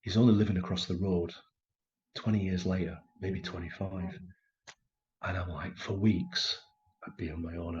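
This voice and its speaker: A middle-aged man telling a personal story in a conversation, halting and emotional, with many restarts. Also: low voice, level tone, darkish tone, muffled recording, slight background noise. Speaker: actor telling his story as a guest.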